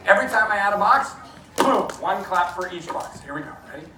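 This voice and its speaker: A man's voice: sits high, animated, brisk. A man doing a playful live comedy science show, talking to the audience with joking asides. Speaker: stage performer. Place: large hall before a live audience. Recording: echoey hall, mic from far off, crowd and noise.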